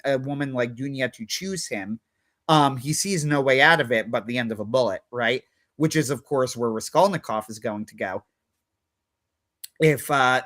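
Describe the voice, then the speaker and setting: A man's voice: mid-range voice, a bit bright. A man co-hosting a livestream, chatting casually and retelling scenes with lots of "like" and quoted back-and-forth dialogue. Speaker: livestream co-host. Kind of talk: casual chat.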